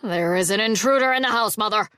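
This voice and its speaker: A woman's voice: mid-range voice, unhurried, a bit bright, no echo. A pompous, cowardly young cousin from a fantasy audiobook, blustering self-importantly in a slightly raised voice, as a woman narrator puts him on. The sound is close and dry.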